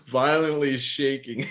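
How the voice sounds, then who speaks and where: A man's voice: mid-range voice, fairly bright tone. A man, a physical therapist co-hosting a podcast, telling stories casually with lots of fillers and laughter. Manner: laughs a lot, rambling with many fillers.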